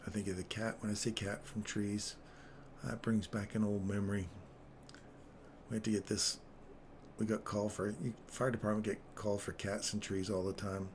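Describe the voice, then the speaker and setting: A man's voice: lowish voice, level tone, normal speed, slight background noise. A man telling a rambling story on a live trading stream, chuckling between phrases.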